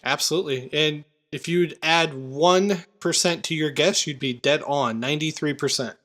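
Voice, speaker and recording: A man hosting a podcast, chatting casually about movies with quick asides and restarts. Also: fairly high pitch, a bit bright. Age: adult parent. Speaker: podcast host.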